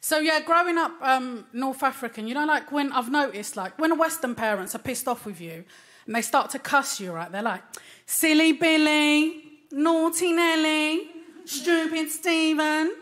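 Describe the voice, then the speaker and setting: A woman in her thirties with a London accent, performing a stand-up comedy set with a cheeky, deadpan delivery. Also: sits high, fairly quick. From London, England. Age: 30s. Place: small comedy club stage. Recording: live club recording with loud crowd. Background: loud audience laughter and applause.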